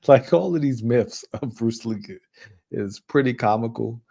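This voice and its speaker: Guy from new york chatting movies, mellow low-key tone, lots of "like" and restarts. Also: measured pace, creaky, breathy edge. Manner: rambling, many restarts and "like" fillers, laughs often. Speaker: co-host. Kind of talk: casual chat.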